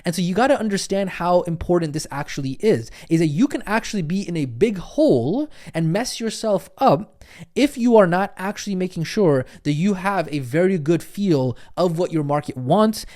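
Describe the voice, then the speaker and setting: A man's voice: high voice, darkish tone. A man giving a recorded training lecture as a business coach, emphatic and insistent, repeating his points and checking in with the listener. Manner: emphatic, insistent, keeps checking in with "okay?" and "right?"; repetitive, drives points home with conviction.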